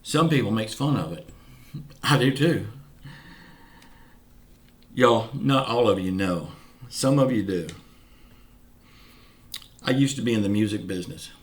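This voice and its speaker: Low-voiced Southern man, folksy and earnest. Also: moderate pace, pauses often. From Pensacola, Florida, US. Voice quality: some words come out slurred. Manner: folksy, earnest, keeps saying y'all. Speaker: channel host. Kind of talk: casual direct-to-camera update.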